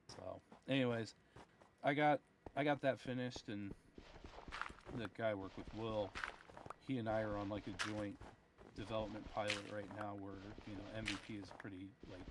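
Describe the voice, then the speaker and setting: A tired man, a software developer, ranting about work with heavy swearing in a casual voice-chat conversation. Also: fairly low pitch, steady tone, normal speed, pauses often, noisy background. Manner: profane, ranting, retells dialogue. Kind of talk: casual chat over voice call.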